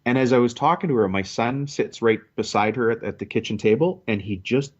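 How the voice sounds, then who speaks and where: A man in his forties, a business coach, telling his story in a relaxed podcast interview. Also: mid-range voice, brisk. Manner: storytelling, conversational with restarts. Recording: dull lo-fi sound.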